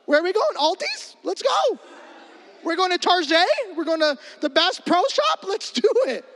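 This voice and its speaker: A man's voice: very high voice, very animated, normal speed, a bit bright, pitched above the performer's own voice, heavily acted. A man playing an overly friendly small-town Midwestern man, eager and chipper. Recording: echoey hall.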